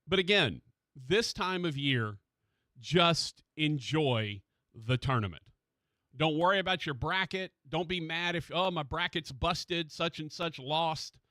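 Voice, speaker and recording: A man hosting a sports radio show in a studio, chatting casually and excitedly about college basketball. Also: a little high, no echo.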